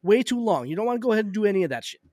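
A man, a guest telling a funny story in a casual, joking, animated way. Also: high-pitched, racing, no echo, studio quality.

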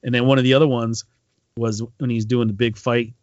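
A man's voice: mid-range voice, flat delivery, fairly quick, darkish tone, dry recording. Man, podcast co-host, rambling casual storytelling, dry close sound, slightly muffled. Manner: rambling retelling with frequent ums and restarts. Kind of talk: casual chat.

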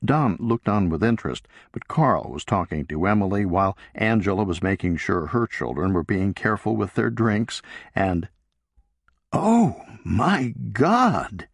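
A man reading a novel aloud as an audiobook narrator, in a measured, deliberate way. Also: deep voice, expressive, dry recording, clean studio sound. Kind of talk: scripted narration.

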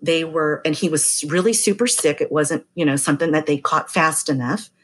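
A woman's voice: low-pitched, normal speed. A middle-aged woman, a massage therapist, telling a story in casual chat and acting out the voices of people she quotes. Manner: chatty, acts out quoted voices.

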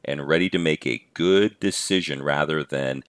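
A man's voice: extremely low pitch, moderate pace, clean tone, dry recording, studio quality. A middle-aged man hosting a podcast, giving an earnest talk on patience in numbered points. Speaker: podcast host and teacher-coach.

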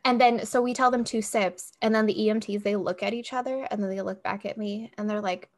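A young woman co-hosting a podcast, telling a story in casual chat, animated and profane, acting out quotes. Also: mid-range voice, fairly quick. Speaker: podcast co-host.

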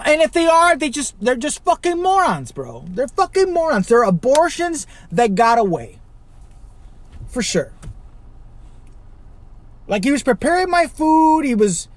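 A man from Chicago hosting a podcast, ranting alone with constant swearing, rhetorical questions and sudden loud outbursts. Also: very high-pitched, very animated, unhurried, long pauses. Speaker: podcast host. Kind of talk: profane solo rant.

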